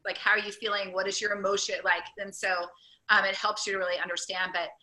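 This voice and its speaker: An upbeat woman coach chatting in a casual interview, her voice bright and sharp. She rushes through ideas in eager bursts, filling gaps with "like". The room around her rings with echo. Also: medium pitch, level tone. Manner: enthusiastic, talks in quick run-on bursts with many "like"s. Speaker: weight loss program coach and host. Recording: echoey room.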